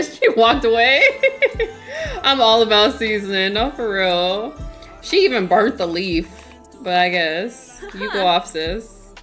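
A woman's voice: medium pitch, very animated, takes it slowly, a bit bright, soft background music. A woman streaming a game in casual, chatty commentary, laughing often and talking to her chat.

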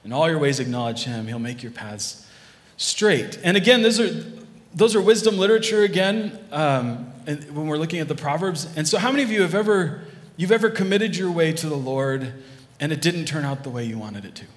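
Male pastor, conversational preaching with restarts, slightly high voice, reverberant sanctuary sound. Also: animated, brisk. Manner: conversational, with many restarts and asides to the congregation. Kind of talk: sermon. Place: church hall. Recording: long hall reverb.

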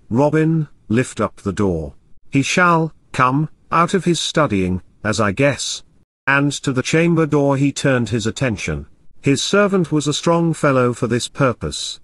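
Man, audiobook narration, measured storytelling, lively pitch, dry close mic. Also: no room sound.

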